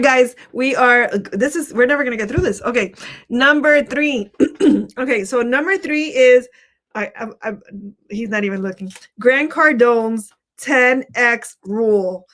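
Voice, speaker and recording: A chatty woman hosting a relaxed live chat, her voice sitting on the higher side. She laughs easily and talks to viewers in a loose, friendly way. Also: normal speed. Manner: giggly, chatty, self-conscious. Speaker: host. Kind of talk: casual livestream talk.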